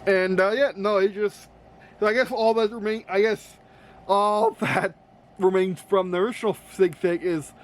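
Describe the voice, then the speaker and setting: A man with a high, steady voice talks to himself in an unhurried way while building with Lego. He rambles, corrects himself often, and sorts pieces as he goes, in a noisy room where an air conditioner hums.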